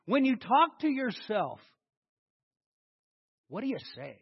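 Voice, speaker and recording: A man's voice: extremely high pitch, very animated, slow pace, creaky, husky, highs cut off. A man preaching a sermon, acting out his inner dialogue as he talks to his congregation. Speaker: pastor.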